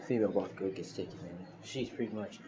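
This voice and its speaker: A man's voice: sits low, fast. Rambling man retelling a fan story. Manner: loose, filler-heavy retelling. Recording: noisy screen-recorded phone audio.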